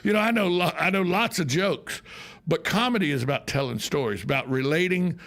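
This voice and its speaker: Man, radio host, gravelly voice, slightly high pitch, casual joking chat, emphatic storytelling. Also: a little fast, a bit bright. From United States. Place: radio studio.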